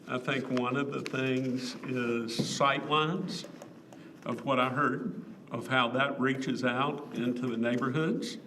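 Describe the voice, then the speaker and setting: A man chairing a public meeting, measured and summarizing, pausing with fillers. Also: medium pitch, fairly even intonation, sharp tone. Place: council meeting room. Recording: distant mic with clear background noise.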